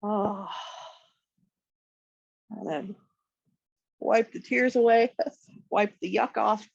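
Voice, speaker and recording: A woman with a stuffy, congested voice, calmly giving slow step-by-step yoga and massage cues on a nearby mic. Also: mid-range voice, creaky, slightly rough, no room sound, highs cut off. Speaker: yoga instructor. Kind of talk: guided yoga instruction. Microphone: external mic nearby.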